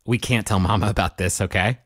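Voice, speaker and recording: A man's voice: lowish voice, brisk, fairly bright tone, no room sound, studio quality. A man voicing a nervous, worried adult man who talks hesitantly and fumbles his words.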